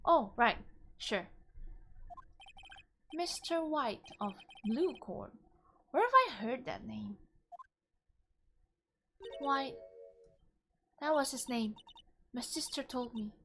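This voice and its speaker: A woman streamer reading game dialogue aloud, expressive and animated, with casual asides. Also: high voice, takes it slowly, pauses often, slight background noise.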